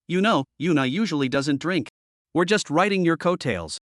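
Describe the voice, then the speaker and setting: A man reading the lines of a teasing, cheerful male friend in a recap story, in a lively way. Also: on the high side, normal speed, dry recording, clean studio sound, close to an everyday voice.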